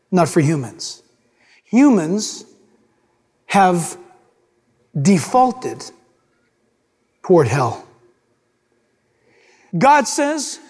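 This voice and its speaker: A man's voice: sits high, big-room sound. A man preaching a sermon with dramatic delivery, acting out the voices of scripture figures.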